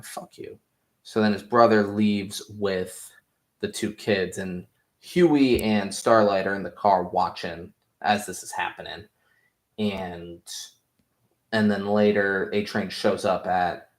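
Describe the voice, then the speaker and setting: Rambling low-voiced man recapping episodes. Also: fairly even intonation, a little slow, roomy sound. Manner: rambling, profane, heavy on "like" fillers. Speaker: show review host.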